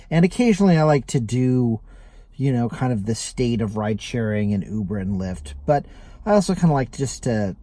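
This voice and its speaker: A man's voice: mid-range voice, warm tone, no room sound. A man, a rideshare driver and video host, telling a story in a loose, rambling way with many fillers and restarts. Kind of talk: casual storytelling vlog.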